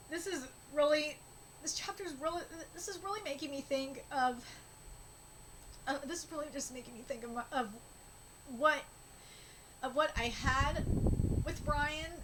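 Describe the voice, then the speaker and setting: Woman, high voice, live reaction streamer, emotional, halting speech, clear noise and clicks behind. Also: a bit bright, rough recording. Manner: emotional, halting, many restarts.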